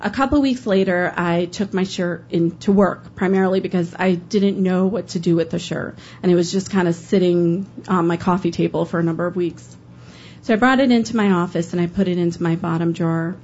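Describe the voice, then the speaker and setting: A woman's voice: fairly low pitch, a little fast, darkish tone, dull audio, slight background noise. A woman storyteller giving an earnest, emotional first-person account live on stage.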